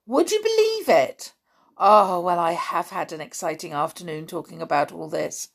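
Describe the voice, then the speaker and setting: A woman voicing an excited schoolboy who longs for an adventure, eager and hearty. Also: on the low side, moderate pace, gravelly, slightly rough, exaggerated voice.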